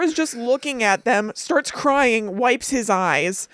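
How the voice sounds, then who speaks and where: Animated woman recapping, higher voice, dry sound. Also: slow pace, no room sound. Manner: animated, laughing and crying while retelling. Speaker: podcast co-host. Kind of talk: casual chat recapping a cartoon episode.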